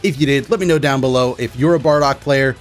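A man giving excited, self-mocking commentary over his own fighting-game matches, groaning at losses and cheering at wins. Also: medium pitch, fast. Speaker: gaming channel host. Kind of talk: live gameplay commentary. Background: game music and sound effects.

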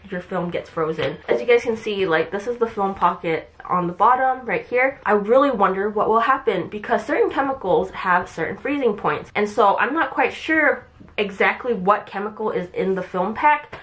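A young woman chats casually to her camera, rambling from one thought to the next with fillers and restarts. Braces give her speech a slight lisp. Her voice sits at a middle pitch for a woman. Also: animated, moderate pace, a bit bright. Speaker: vlogger. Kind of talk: casual vlog chat.

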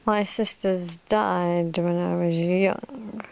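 A woman voicing a smug male cannibal mastermind in an amateur role-play monologue, slipping into soft whispers. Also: lowish voice, fairly even intonation, gravelly. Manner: slow, drifting into soft whispers.

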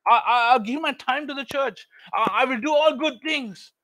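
A man's voice: very high-pitched, animated, normal speed, fairly bright tone, no room sound, pitched above the performer's own voice, full character voice. A man voicing a panicked man hanging from a bush over a ravine, stammering and pleading for help.

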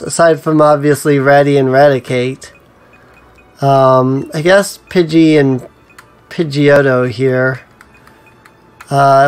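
A man giving casual gameplay commentary as a let's play host, musing to himself with frequent ums. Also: mid-range voice.

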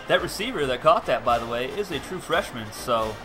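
Male gaming streamer, lively and animated, loud music in the background. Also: mid-range voice, brisk. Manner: excitable, laughs often, breaks into shouting on big plays; chats with viewers. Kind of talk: live gameplay commentary.

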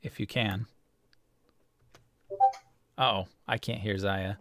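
A man narrating as game master of a tabletop game, halting with frequent restarts. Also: fairly low pitch, steady tone, a bit bright.

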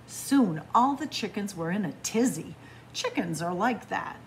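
A woman librarian reading a picture book aloud to children in a playful, animated storytelling manner. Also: fairly low pitch, a little slow, a little hiss or hum.

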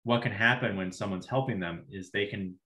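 A man with a fairly low voice speaks thoughtfully as a podcast guest. He pauses and restarts his sentences often while he works out an idea. His voice carries a noticeable echo from the room. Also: sharp tone. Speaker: social worker guest. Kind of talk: casual podcast conversation.

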